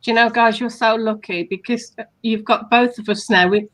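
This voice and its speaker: A woman's voice: fairly high pitch, fairly even intonation, normal speed, fairly bright tone. A woman co-hosting a casual coaching chat, patiently explaining steps and acting out sample compliments. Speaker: hypnotherapist co-host.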